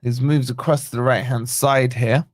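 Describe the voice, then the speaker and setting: A man hosting a live football watch-along, calling the play and greeting viewers by name in a chatty, excitable way. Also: medium pitch, normal speed, no room sound, clean studio sound. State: yawning, tired. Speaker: fan channel host.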